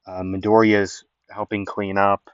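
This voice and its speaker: A man's voice: fairly low pitch, flat delivery, a little slow, dry recording, highs cut off. A man casually improvising a fan story, rambling with lots of fillers.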